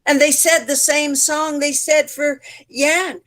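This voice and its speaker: Speaking slowly in a high, fairly flat, slightly bright voice, a woman performs folk tales for teachers during an online session from home. As a storyteller running participation storytelling, she voices characters and sound effects expressively.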